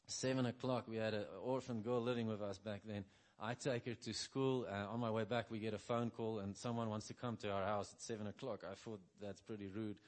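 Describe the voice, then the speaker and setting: A middle-aged man preaching a sermon full of personal testimony, talking conversationally and often checking in with "right?", dropping soft and low when quoting his own words.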